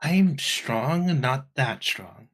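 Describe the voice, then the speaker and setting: A man's voice: medium pitch, expressive, drawn-out words, a bit bright. A man playing a tabletop game in character, thinking aloud with hesitant restarts.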